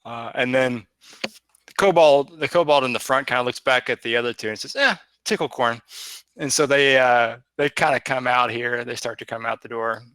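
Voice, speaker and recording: A man narrating a tabletop game as game master, with halting, filler-heavy narration. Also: mid-range voice, fairly even intonation, a bit bright, smooth, no echo.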